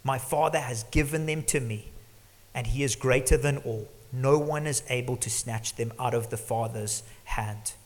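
A middle-aged male pastor preaching an earnest sermon, sometimes dropping to a hush for emphasis. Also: medium pitch, normal speed. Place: church hall. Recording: long church reverb.

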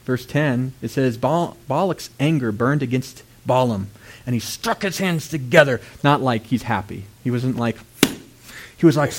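A man preaching a sermon, retelling a story with lively, dramatic voices for its characters. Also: medium pitch, normal speed, a little hiss or hum. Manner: animated storytelling, acts out characters with loud outbursts.

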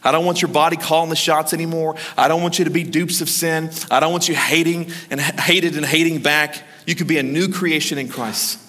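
Male pastor, high voice, bright and forceful tone, energetic sermon, long hall reverb. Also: a little fast, few pauses. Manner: energetic, urging the congregation to respond. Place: large church hall.

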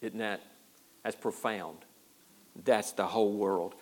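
A man's voice: lowish voice, steady tone, slow, a little mellow. A man preaching a sermon as pastor, in a folksy, self-deprecating way with a lot of repeated words. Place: church.

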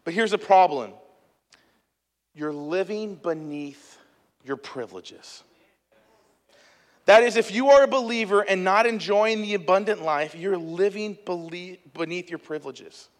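A man's voice: high voice, a little slow. A man in his thirties preaching a sermon as a pastor, telling stories in a conversational, emphatic way with asides to the congregation. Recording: echoey hall.

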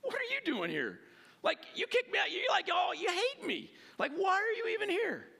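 An indignant biblical man, voiced much higher than the speaker's own register, as a preacher acts him out. He sounds incredulous and exasperated, with a strained, rising tone. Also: wildly swooping pitch, moderate pace, vocal fry, bright, forceful tone, full character voice.

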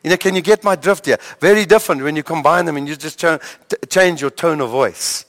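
A male pastor preaching a sermon, telling stories with dramatic pauses and stammered repeats. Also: on the high side, fairly bright tone. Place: church hall. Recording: long hall reverb.

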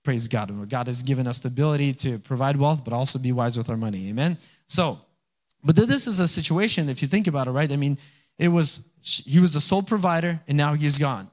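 A pastor with a medium-pitched voice preaches a little fast, keeping the sermon conversational. He regularly checks in with the congregation and asks for their responses.

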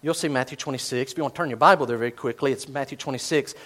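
A man preaching a sermon as pastor, swinging from loud emphasis to hushed asides and acting out quoted inner voices. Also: mid-range voice, rapid-fire.

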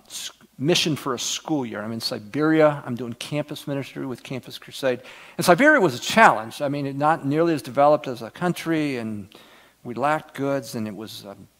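A middle-aged man preaching a sermon as pastor, earnest, swinging from loud emphasis down to near-whispers. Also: medium pitch.

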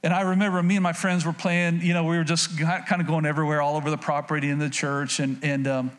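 Fast and fairly flat in pitch, this middle-aged male pastor from Oklahoma has a voice on the high side. He preaches in a folksy, conversational manner, repeating phrases and performing small quotes.

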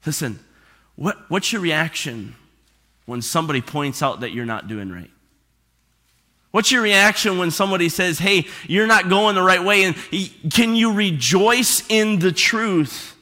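A man's voice: on the high side, animated, normal speed, sharp tone. A man preaching a sermon to his congregation, conversational and full of rhetorical questions. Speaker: pastor. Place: church sanctuary. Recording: reverberant church hall.

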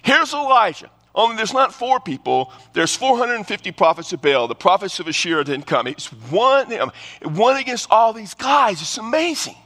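Animated preacher in an echoing hall. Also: male voice, sits high, normal speed, hardly any pauses. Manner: animated storytelling with humor and repeated restarts. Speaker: pastor. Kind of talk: sermon. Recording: long reverb of a large hall.

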